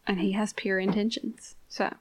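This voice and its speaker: A woman co-hosting a casual TV recap, relaxed, with dry asides and slang. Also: mid-range voice, moderate pace, husky. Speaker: podcast co-host. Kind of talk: casual chat recapping a TV episode.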